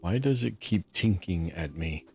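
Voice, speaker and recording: A man hosting a relaxed let's play, chatting and musing aloud as he plays. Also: low voice, a little slow, soft background music. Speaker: gameplay host.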